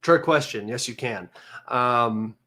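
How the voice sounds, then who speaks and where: A man hosting a livestream, talking in a mocking, sarcastic and combative way, excitable and a little manic. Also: medium pitch, takes it slowly. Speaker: livestream host. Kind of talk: casual livestream commentary.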